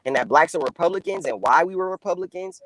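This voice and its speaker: A man's voice: a little high, expressive, fast, a bit bright, low-quality recording. A man speaking as a guest in a casual political discussion, loose and conversational with lots of fillers.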